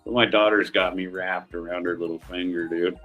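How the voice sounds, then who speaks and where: Middle-aged male streamer, low-pitched, profane, easygoing storyteller, faint music underneath. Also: steady tone, a little fast, fairly bright tone, highs cut off. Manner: profane, rambling storyteller who laughs often. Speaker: livestream host. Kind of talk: casual chat.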